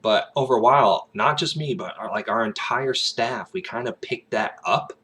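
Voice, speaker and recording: A man's voice: normal speed, fairly bright tone, slightly rough. A man with a Southern American accent, an aspiring actor, talking in a casual, rambling vlog with plenty of fillers and restarts. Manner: breaks into brief high-pitched accent imitations.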